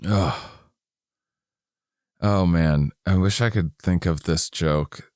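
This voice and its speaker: A man's voice: deep voice, slow pace, a little mellow, no echo, studio quality. A middle-aged man co-hosting a casual podcast, rambling and self-deprecating as he reads survey questions aloud. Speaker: podcast co-host.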